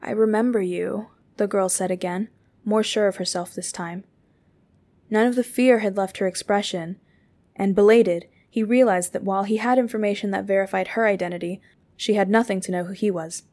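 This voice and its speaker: A woman narrating a work of fiction aloud in a steady, expressive reading voice. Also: medium pitch, fairly quick.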